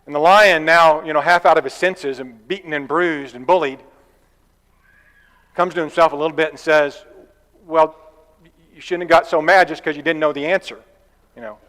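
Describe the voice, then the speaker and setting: A man delivering a sermon in a church, his voice sitting a little higher than most men's. He talks in a relaxed, conversational way, with folksy asides. The hall gives it a long, ringing reverb. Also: normal speed, long pauses. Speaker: preacher.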